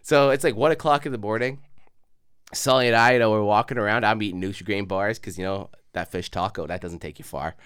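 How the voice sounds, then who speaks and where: A man, co-hosting a comedy podcast and telling a story in a casual, profane, animated way. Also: on the low side, a little fast, clear, resonant tone, no room sound, studio quality. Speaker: podcast co-host.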